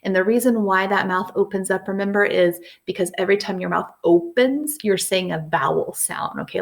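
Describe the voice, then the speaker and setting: A woman teaching young children a phonics lesson, patient and encouraging, slowly sounding out letters and words. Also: medium pitch, gravelly. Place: at home with a whiteboard.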